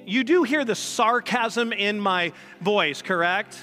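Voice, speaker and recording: A man's voice: high-pitched, lively intonation, slow pace, hardly any pauses, bright, forceful tone, long reverb tail, soft background music. A male pastor preaching a sermon in a conversational way, with sarcastic asides.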